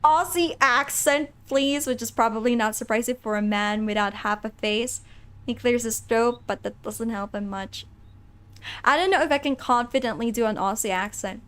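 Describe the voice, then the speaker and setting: A woman's voice: a little high, moderate pace, smooth. Playful woman streamer reading game text. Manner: animated, playful, reads narration with asides to chat. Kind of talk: casual let's-play, reading game text aloud.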